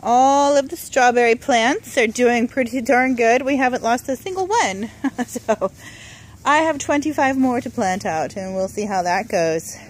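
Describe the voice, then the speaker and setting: A woman with a slightly high voice walks through her garden and chats easily to the camera. She talks in a relaxed, unscripted way, pausing with "uh" and "um" as she points things out outdoors. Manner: chatty and relaxed, with frequent "uh" and "um". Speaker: home gardener, channel host. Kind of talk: casual garden tour vlog. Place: outdoors in a home garden and greenhouse.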